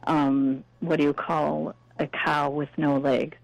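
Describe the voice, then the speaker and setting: Slow-talking woman caller telling jokes. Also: deep voice, flat delivery, creaky, dry recording, highs cut off. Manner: unhurried, chuckles at own jokes. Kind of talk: phone-in joke telling.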